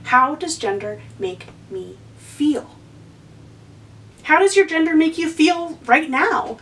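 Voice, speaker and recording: A woman's voice: high-pitched, animated, slow, a bit bright, far from the mic, poor audio. A woman hosting a lesson for kids, encouraging and asking the viewer questions. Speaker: children's educator and host.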